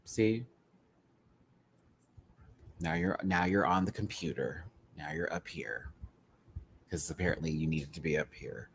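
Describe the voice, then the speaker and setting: A man hosting a live-streamed casual review chat, rambling and animated, laughing often and full of fillers. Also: rumbling low, unhurried, pauses often, slight background noise. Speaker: host reviewing a TV show.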